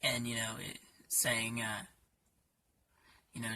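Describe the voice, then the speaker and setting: A man talking casually about his songs in a halting way, with many fillers and restarts. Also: medium pitch, monotone, pushed and bright, recorded from a distance, a little hiss or hum. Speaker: songwriter.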